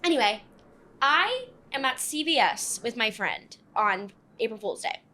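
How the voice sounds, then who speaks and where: Animated young woman telling stories. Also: a little slow. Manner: animated storyteller, acts out quotes with big pitch jumps. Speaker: podcast co-host. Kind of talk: casual chat storytelling. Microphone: podcast studio mic.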